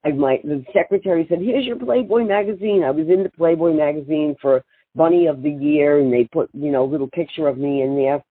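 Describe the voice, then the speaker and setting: Older woman, brash storyteller, husky voice, tinny phone line. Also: deep voice, brisk, no room sound. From Boston. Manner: brash, animated, laughs often. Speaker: guest, singer and author. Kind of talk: storytelling interview.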